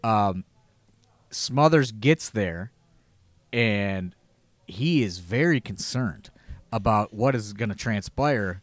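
A man's voice: on the low side, slow pace, long pauses, dry recording. Podcast co-host, man in his thirties, swears freely, dry close sound. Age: 30s. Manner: profane, animated, voices others in quotes. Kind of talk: casual podcast storytelling.

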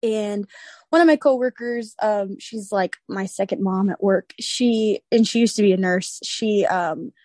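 A young woman in her twenties, a podcast guest, telling a personal story in an animated, casual way, acting out the voices of others and laughing often. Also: mid-range voice, measured pace, dry recording.

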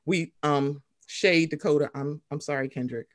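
A woman hosting a podcast in casual chat, animated and profane, telling jokey stories. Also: sits low, normal speed. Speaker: podcast host.

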